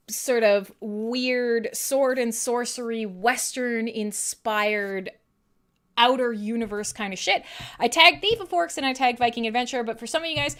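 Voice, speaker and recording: A woman hosts a live metal radio stream in loose, rambling chat. Her voice sits a little high and has a bright, sharp edge. She is irreverent and swears easily. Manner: talks to her dog in a soft coo. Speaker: metal radio show host.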